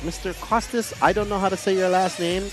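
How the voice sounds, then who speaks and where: A man co-hosting live race commentary, joking and giving shout-outs to viewers. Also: sits high, steady tone, fairly quick, faint music behind.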